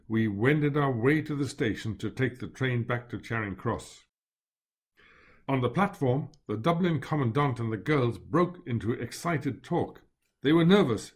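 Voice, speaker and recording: A man narrating a first-person memoir in a steady, measured reading voice. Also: mid-range voice, slightly rough.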